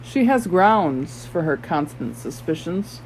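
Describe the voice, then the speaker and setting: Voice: medium pitch, animated, slow, slight background noise, poor audio. An audiobook narrator voicing a sly young male rogue with a bland, purring, insinuating manner. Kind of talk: audiobook character voice.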